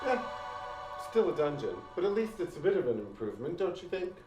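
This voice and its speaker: The flamboyant, sassy Djinn. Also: male voice, fairly high pitch, sing-song. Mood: brisk, sarcastic. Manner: theatrical, sarcastic, drawn-out emphasis. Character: flamboyant, sassy male djinn spirit freed from a pen. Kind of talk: film drama acting. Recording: roomy echo with faint music.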